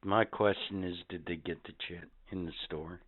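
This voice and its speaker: A low-voiced man grumbles and swears his way through a casual podcast chat. The sound is dry and close, with a thin phone-like tone. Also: fairly even intonation, normal speed, no echo. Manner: profane, gruff, grumbling. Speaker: podcast co-host.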